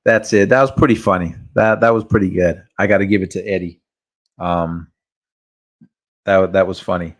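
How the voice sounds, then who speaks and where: Host: a man with a lowish voice, loose chatty delivery. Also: normal speed, long pauses. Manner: relaxed, rambling, chuckles often. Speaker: boxing show host. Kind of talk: casual boxing chat.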